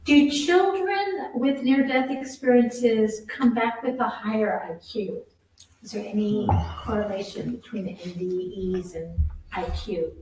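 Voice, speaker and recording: A woman moderating, reading out audience questions in a measured way. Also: on the high side, darkish tone, a little hiss or hum. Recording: distant, very echoey hall.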